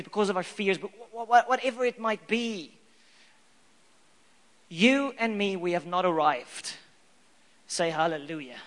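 Bright-voiced preaching man in echoey hall. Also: high-pitched. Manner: animated, playful, acts out scripture scenes. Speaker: pastor. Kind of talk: sermon.

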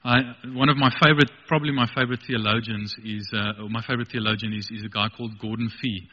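A man's voice: on the low side, steady tone, fast, big-room sound, lo-fi sound. A man preaching a sermon with passion, building to emphatic peaks.

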